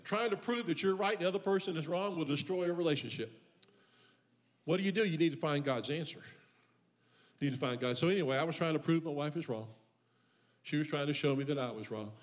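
A male pastor preaching a sermon in church. He mixes humorous personal stories with impassioned refrains that build in force. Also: on the high side. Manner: humorous storytelling about his own life.

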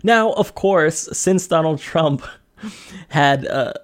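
A man with a slightly high voice talks as a podcast host. His commentary is casual and animated, and he leans hard into sarcasm between quick asides.

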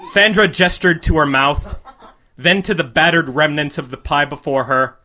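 A man reads a crude comic short story aloud to a live audience. His voice is bright and a little high, and he delivers absurd lines with a straight face. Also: normal speed.

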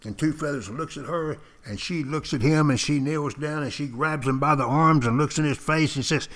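An older man, a former Marine, telling stories in a folksy way with dramatic pauses, speaking directly to his listeners. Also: fairly high pitch, fairly bright tone. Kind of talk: spoken storytelling to listeners.

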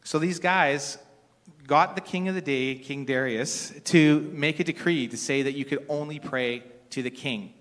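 A middle-aged man preaches in a relaxed, storytelling manner, backing up and restarting phrases the way people do in everyday talk. His voice sits at an ordinary male pitch. A long reverb trails after him, as in a large church sanctuary. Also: normal speed. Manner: conversational, storytelling with casual restarts. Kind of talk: sermon.

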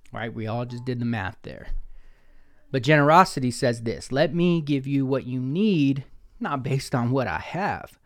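Casual, playful young preacher man. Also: medium pitch. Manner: conversational and playful, talks to himself in asides. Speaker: pastor. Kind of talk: casual sermon.

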